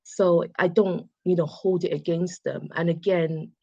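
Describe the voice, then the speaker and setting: A woman's voice: fairly low pitch, fairly even intonation, unhurried, darkish tone, dry recording, highs cut off. A woman from England with a Southern English accent, chatting casually and reassuringly as an English tutor on a video call. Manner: chatty, reassuring, puts on playful mock voices. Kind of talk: casual online tutoring chat.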